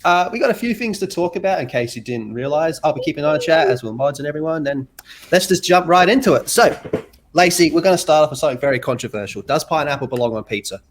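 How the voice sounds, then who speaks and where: A man's voice: on the high side, animated, quick pace, slight background noise. Upbeat man hosting a livestream. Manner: upbeat, friendly, shouts out chat. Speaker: host.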